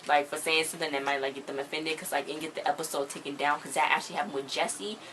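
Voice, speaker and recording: A woman's voice: sits low, quick pace, a little hiss or hum, low-quality recording. A young woman reviewing a TV episode in a casual, slangy, emphatic vlog chat. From US countryside. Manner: chatty, emphatic, slangy, animated.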